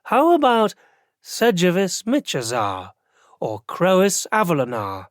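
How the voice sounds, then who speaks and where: A man voicing a cool, commanding woman investigator in an audiobook, measured and dry. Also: high voice, wildly swooping pitch, no room sound, pitched above the performer's own voice, exaggerated voice. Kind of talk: audiobook character voice.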